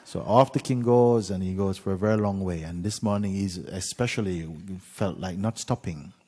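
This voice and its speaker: A man gently telling a parable as a spiritual teacher, unhurried, with pauses and soft fillers. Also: deep voice. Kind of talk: gentle spoken storytelling.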